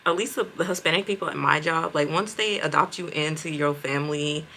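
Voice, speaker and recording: A young woman in casual storytime, animated and profane with laughing asides. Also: low-pitched, fairly quick, vocal fry, slight background noise. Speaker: storytime vlogger.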